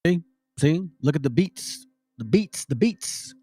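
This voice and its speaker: A man's voice: a little high, animated, slow pace, dark tone, husky, dry recording, faint music behind. A man hosting his own channel, giving heated, preachy commentary over video clips and speaking straight to his listeners. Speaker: channel host reacting to videos.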